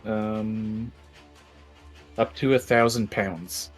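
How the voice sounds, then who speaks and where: A young man playing a tabletop game in a relaxed, offhand way with easy laughs. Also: lowish voice, very slow, faint music behind. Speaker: player. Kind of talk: casual tabletop play.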